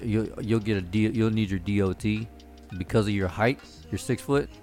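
A man, a slightly low voice and faint music behind him. He chats casually, swearing freely and telling stories, often breaking into laughter. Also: normal speed, darkish tone. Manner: profane storytelling, laughs often. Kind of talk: casual chat.

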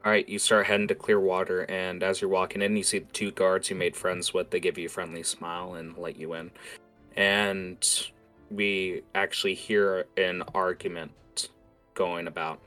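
A man's voice: low voice, little pitch movement, normal speed, a bit bright, faint music behind. A young man narrating as game master in a casual way, with lots of fillers. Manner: casual, many fillers and restarts.

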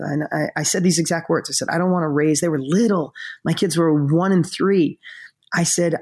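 A middle-aged man with a slightly raised, gravelly and husky voice tells a personal story on a podcast. He is earnest and openly emotional, near tears as he talks. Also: on the high side, steady tone, moderate pace, darkish tone. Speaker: podcast co-host.

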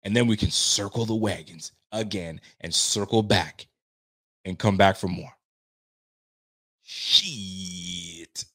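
A man hosting a live stream and reading viewer comments in casual, slangy fan chat, swearing freely and getting himself worked up with excitement. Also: fairly low pitch, moderate pace.

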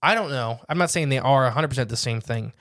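A man co-hosting a casual podcast, rambling and joking, slowing down to stress details. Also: medium pitch, fairly bright tone, no room sound, clean studio sound. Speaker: podcast co-host.

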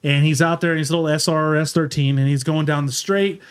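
A man's voice: fairly even intonation, brisk, clear, resonant tone. A man hosting a casual podcast in a garage, telling stories in a rambling way with restarts. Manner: rambling storyteller, imitates others with raised pitch. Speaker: podcast host.

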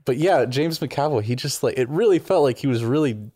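A man co-hosting a casual movie review chat, giving opinionated, animated takes. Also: medium pitch, a little fast, breathy edge, no room sound, clean studio sound. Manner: opinionated, animated, frequent restarts. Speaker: movie review podcast co-host.

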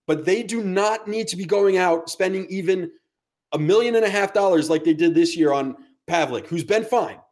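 A podcast co-host with a high, slightly mellow voice talks sports at a moderate pace. He's blunt and sarcastic, swearing casually.

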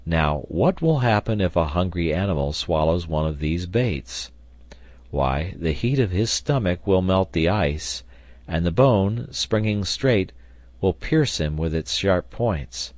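A man from South Carolina narrating a classic adventure novel in a measured, even reading. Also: sits low, no echo. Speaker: audiobook narrator. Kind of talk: volunteer audiobook narration.

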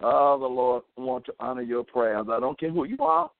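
Gravelly and mid-range, this preacher's voice swoops wildly in pitch at a moderate pace during a fervent radio sermon. He exhorts listeners to pray, punctuating with "amen" and "praise the Lord," through a tinny, phone-like sound with no room noise.

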